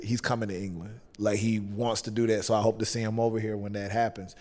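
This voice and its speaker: A man's voice: on the low side, fairly even intonation, fast, few pauses, darkish tone. Laid-back Southern US man, hall reverb. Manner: laid-back, rambling, with many fillers. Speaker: guest, pro wrestler. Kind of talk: casual chat.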